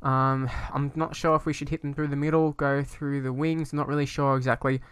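A man's voice: mid-range voice, flat delivery, fairly quick, smooth, dry recording. A young man casually commentating on his own football management game, rambling and hesitant, breaking into sweary frustration. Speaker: gaming YouTuber.

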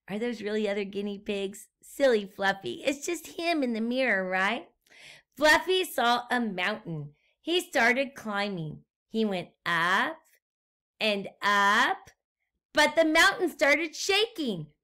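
A woman teacher reading a storybook aloud to young children and asking them gentle questions. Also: a little high, very animated. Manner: gentle, slow, questions to the listener.

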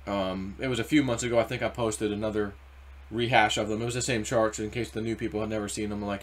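A man hosting a casual crypto market commentary, rambling and animated, acting out quoted voices as he goes. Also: on the low side, fast talker. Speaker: crypto video host.

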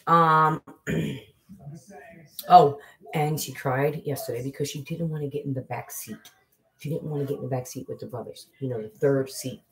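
A woman's voice: extremely low pitch, fairly even intonation, moderate pace, a crowd in the background, poor audio. A woman hosting a casual livestream, chatting to viewers and telling a family story. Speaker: livestream host and mother. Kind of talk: casual live chat.

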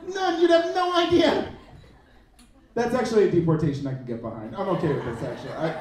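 A man in his thirties performing a stand-up comedy set on a club stage, animated and jumping up in pitch for punchlines. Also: moderate pace, heavy reverb, distant mic, a faint crowd, rough recording. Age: 30s.

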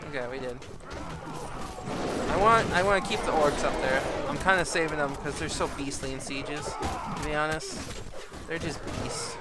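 A chatty man commenting over his own gameplay, his voice sitting a little high for a guy. He laughs a lot and shouts at his troops when things get hectic. There's a clear hiss of background noise under the home recording. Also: moderate pace. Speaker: gaming YouTuber.

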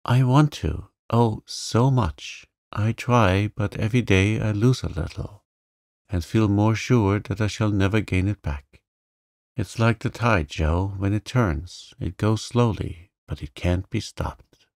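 Guy softly doing a calm gentle young woman, low gravelly voice, slow and resigned, dry sound. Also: no room sound.

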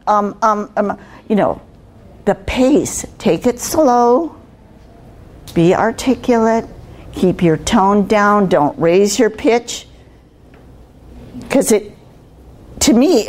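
A woman's voice: medium pitch, animated, very slow, pauses often, darkish tone. An older woman giving a conversational workshop talk on communication skills to students, asking them rhetorical questions. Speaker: guest speaker on communication skills.

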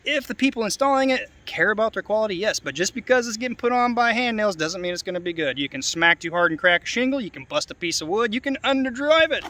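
A man with a fairly high voice walks a roof outdoors, pointing out sloppy repairs to his viewers. He talks in a loose, chatty way with plenty of sarcasm. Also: animated, fast, few pauses, bright, forceful tone. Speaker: roofing contractor. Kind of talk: on-site roof inspection vlog.

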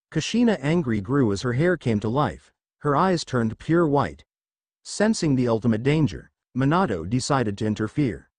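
Man, fan fiction narrator, amateur reading, frequent slips, lively pitch, dry close mic. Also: normal speed, no echo.

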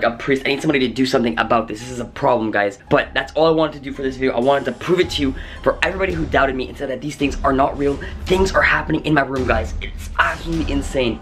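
Young man in a frantic ghost-hunting vlog. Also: medium pitch. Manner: frantic, swearing exclamations; hushed whispering. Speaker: vlogger. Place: his bedroom.

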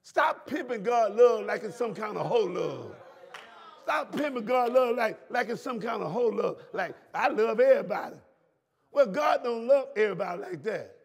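A man preaching a sermon as pastor, repeating lines and breaking into shouts at the congregation. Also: high-pitched, sing-song, normal speed, vocal fry, husky. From Southern United States.

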